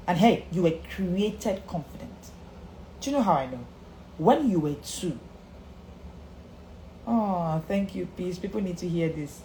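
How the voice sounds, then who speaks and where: A woman coach speaks straight to her live viewers in an emphatic motivational talk, with pitch that rises and falls a lot. She repeats key lines for emphasis and greets viewers by name. The room sounds echoey, with a faint hum behind her. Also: a little mellow. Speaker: confidence coach.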